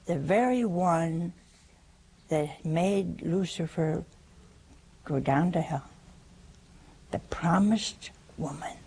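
An older woman preaching a sermon, humorous and animated, acting out the quotes she tells. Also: mid-range voice, gravelly, breathy edge.

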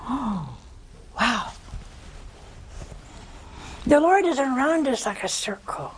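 An older woman preaching a folksy, animated sermon, swinging between loud bursts and hushed asides. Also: high-pitched, slow pace, long pauses, slight background noise, poor audio.

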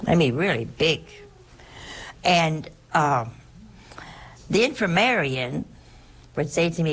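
A woman's voice: sits low, lively intonation, takes it slowly, long pauses, poor audio. An older woman, a nun, telling a personal story in a rambling, repetitive way with chuckling asides.

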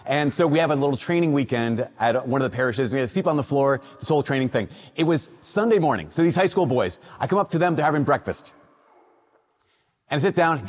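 A man from Minnesota, a priest, reading the Gospel and preaching a casual, conversational homily in a church. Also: a little high. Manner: conversational storytelling with lively quoted voices. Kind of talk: sermon. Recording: long church reverb.

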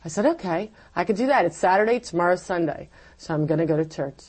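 Lively, low-voiced woman telling her story. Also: fast, breathy edge, rough recording. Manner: animated storytelling, acting out her own past words. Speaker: interview guest. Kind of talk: personal faith testimony.

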